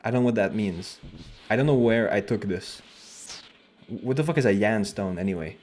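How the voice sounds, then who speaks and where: Animated joking male streamer, low voice. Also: normal speed, slight background noise. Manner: animated, joking, swears casually. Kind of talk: casual stream chat.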